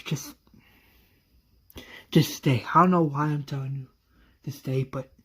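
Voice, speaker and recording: A man voicing a worried woman who begs someone to stay, speaking softly and pleadingly. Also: a little high, slightly rough.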